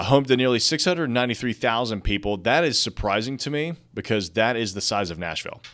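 Fairly bright in tone and mid-range in pitch, this young man hosts a laid-back real estate news show. He alternates between reading articles out loud and tossing in chatty remarks, a casual take on market news.

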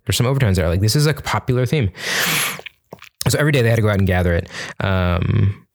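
A man's voice: on the low side, quick pace, creaky. A young man giving a casual, chatty Bible lesson, informal and full of fillers and restarts. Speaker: Bible teacher.

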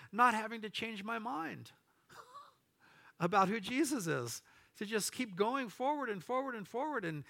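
A man's voice: high-pitched, sharp tone. A middle-aged man preaching a sermon as pastor, reading Bible verses aloud and adding casual asides to his congregation.

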